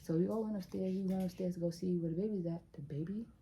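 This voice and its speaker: A young woman vlogger telling a story in a casual, animated, chatty way, speaking straight to her viewers. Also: fairly low pitch, fast talker, poor audio.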